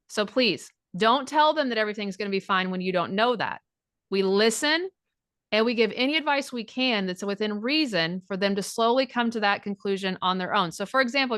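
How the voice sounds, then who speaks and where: A woman's voice: medium pitch, fairly bright tone, no echo, clean studio sound. A middle-aged woman speaking as a divorce recovery coach, blunt and frank, swearing freely and acting out quoted dialogue. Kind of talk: direct coaching talk.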